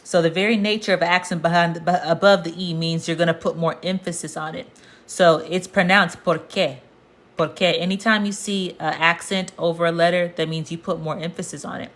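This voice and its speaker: Woman, slightly low voice, patient livestream teacher who repeats key words slowly. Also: fairly even intonation, fairly bright tone. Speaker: Spanish teacher. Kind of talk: casual livestream lesson.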